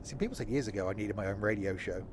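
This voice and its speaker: A man's voice: lowish voice, fast, noisy background. Chatty self-mocking male gaming streamer. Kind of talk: casual chat while playing a train sim.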